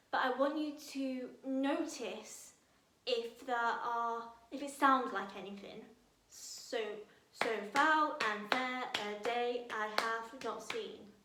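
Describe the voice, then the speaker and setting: Bright, upbeat young British woman. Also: sits high. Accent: British English. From Britain. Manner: energetic, playful, conversational. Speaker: drama workshop leader. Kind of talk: lively teaching to camera. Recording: echoey room.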